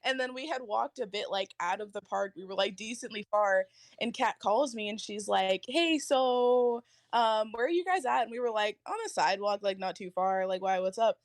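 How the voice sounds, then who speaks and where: A woman's voice: steady tone, a little fast, no room sound, clean studio sound. A young woman co-hosting a podcast, telling a story in casual chat, giggly and using "like" a lot. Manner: giggly, uses "like" a lot, squeaky when quoting. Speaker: podcast co-host.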